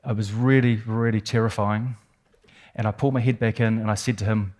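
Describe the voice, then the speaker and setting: Delivering a keynote, a man with a New Zealand accent tells a dramatic personal story full of vivid, suspenseful detail and emphatic repetition. His lowish voice is steady, brisk and a little mellow.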